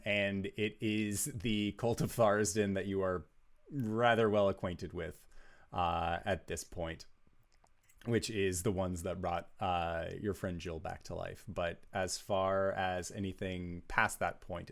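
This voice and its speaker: A man narrating a tabletop role-playing game as game master, in a measured, descriptive way. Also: deep voice, flat delivery.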